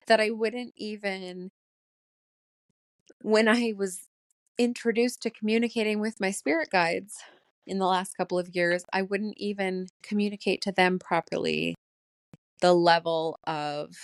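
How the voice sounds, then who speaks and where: A woman's voice: on the low side, vocal fry, dry recording. A woman in her late thirties hosting a solo spiritual podcast, emotional and laughing often, her voice shaking as she holds back tears. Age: late 30s. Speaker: podcast host.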